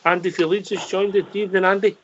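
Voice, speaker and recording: A man's voice: high-pitched, level tone, fast talker, a loud crowd. A Scottish man hosting a radio phone-in, chatting casually and teasing his callers. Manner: jokey, teasing. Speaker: phone-in host. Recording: dull lo-fi call audio.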